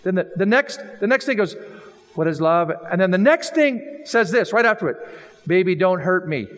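A man's voice: sits high, normal speed. A man preaching a sermon, telling jokey stories and acting out the quoted lines. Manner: animated, jokey storytelling with acted-out quotes. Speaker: pastor. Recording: long reverb of a hall.

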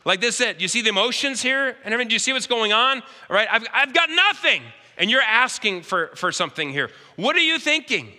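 A man's voice: very high-pitched, sing-song, fairly quick, hardly any pauses, pushed and bright, voice pushed up, exaggerated voice. A man voicing a desperate poor widow and mother in a sermon, with pleading, exasperated questions. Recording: hall reverb.

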